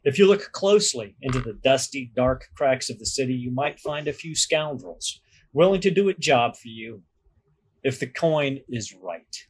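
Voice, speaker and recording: Husky guy running a tabletop game, measured scene-setting narration, mid pitch. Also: expressive. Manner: descriptive, measured storytelling. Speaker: game master.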